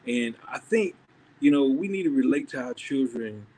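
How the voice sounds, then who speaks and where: A man, a church member and father, sharing an earnest faith testimony in a conversation, often pausing and restarting. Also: mid-range voice, expressive, warm tone, a little hiss or hum.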